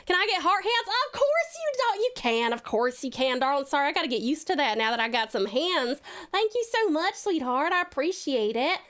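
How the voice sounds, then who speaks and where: A sweet-talking Southern belle, put on by a woman who drawls her thanks and showers everyone with doting endearments. The voice sits high and bounces around a lot, and the grammar is folksy. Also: very animated, brisk, hardly any pauses, a bit bright.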